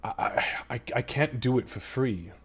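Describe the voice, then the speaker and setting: A man voicing a composed, dry-humored high priestess woman in a tabletop game. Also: animated, moderate pace, breathy edge. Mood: regretful.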